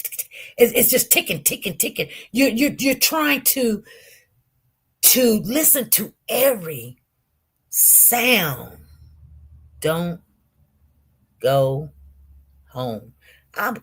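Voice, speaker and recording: A woman telling viewers a personal testimony with great intensity, swinging from loud outbursts to hushed murmurs and often repeating herself. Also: a little high, slightly rough. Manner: repetitive, restarts. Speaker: online show host.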